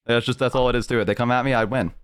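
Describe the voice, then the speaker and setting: A man's voice: rapid-fire, clean tone. A young man streamer chatting casually, telling stories and acting out quotes with big jumps in his voice. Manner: animated storyteller, acts out quotes with big pitch jumps. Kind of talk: casual chat.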